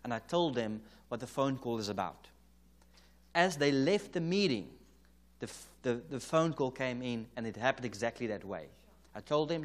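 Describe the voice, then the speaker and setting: A South African man preaching at a church conference. He tells a story in an anecdotal, conversational way and plays out the dialogue line by line, chuckling now and then. His voice sits at an ordinary male pitch. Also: expressive, moderate pace.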